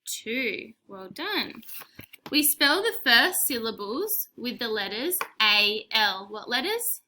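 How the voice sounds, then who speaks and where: A young woman teaching spelling to small children, talking slowly and clearly. Her voice is bright and sits fairly high, full of praise and gentle prompts. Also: big pitch swings, slight background noise. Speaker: primary school teacher.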